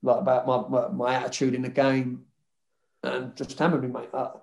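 A man's voice: medium pitch, completely flat delivery, normal speed, creaky, darkish tone. A man, a former footballer casually telling rambling anecdotes in an interview, swearing freely.

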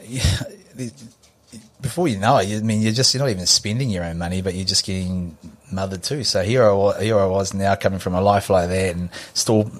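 A man's voice: low-pitched, steady tone, a little fast. A New Zealand man in his forties, a podcast guest telling a story in a laid-back, rambling way with lots of fillers. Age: 40s. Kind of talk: casual storytelling chat.

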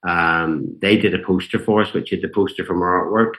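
A man's voice: low voice, fairly even intonation, fairly quick, fairly bright tone, poor audio. A middle-aged man with a Northern Irish accent, a guest musician telling long, rambling stories full of fillers and quoted voices. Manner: rambling anecdotes, quoting others, many fillers. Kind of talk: casual storytelling interview.

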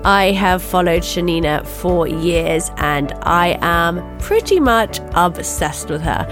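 A woman's voice: on the low side, animated, slow, over music. A woman hosting a podcast, introducing and chatting with her guest in an enthusiastic, gushing way. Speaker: podcast host. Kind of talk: casual interview chat.

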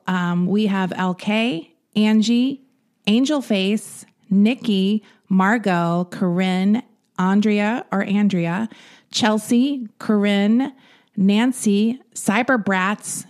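A woman co-hosting a podcast in casual chat, rambling and giggly, her voice a little gruff from the morning. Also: mid-range voice, fairly even intonation, slow pace, a little mellow. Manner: giggly, rambling, swears freely. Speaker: podcast co-host.

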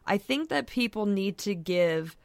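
A woman's voice: medium pitch, animated, measured pace, creaky, no echo. A woman guest on a podcast talking casually, with frequent fillers and restarts. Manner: chatty, many fillers and restarts. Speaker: podcast guest, soccer writer.

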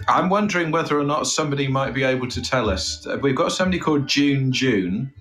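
A man from England co-hosting a comedy podcast, bantering casually with dry jokes that trail off low. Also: animated, fast talker, a bit bright, faint music behind.

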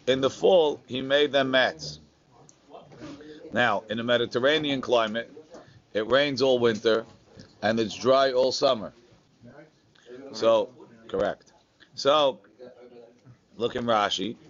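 In this Talmud class, the teacher, a man with a medium-pitched and slightly bright voice, chants the Aramaic and translates it into plain English, cracking the occasional joke. The high frequencies are cut off.

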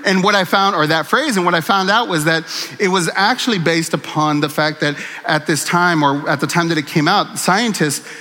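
A man's voice: a little high, moderate pace, pushed and bright, long reverb tail. A man preaching a conversational sermon, earnest and candid, with self-deprecating humor, in a church sanctuary. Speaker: pastor.

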